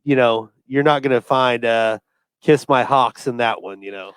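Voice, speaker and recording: A man, a rodeo clown and podcast host, talking in an animated, joking way with quick asides. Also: mid-range voice, clean tone, dry recording. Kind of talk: casual podcast chat.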